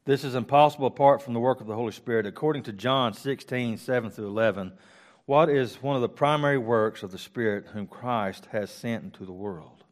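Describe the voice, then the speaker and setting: This is a mid-range male voice recorded up close as he teaches Bible study. He reads verses aloud and revisits them at a slow pace, with restarts and offhand remarks along the way.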